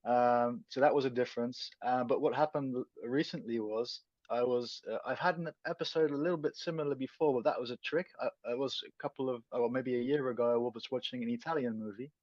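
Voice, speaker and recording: A man's voice: mid-range voice, steady tone, a little fast, few pauses, a little mellow, no room sound. Dutch-accented man, dull dry lo-fi sound. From Netherlands. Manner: thoughtful, searching for words. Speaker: guest. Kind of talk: conversational interview answers.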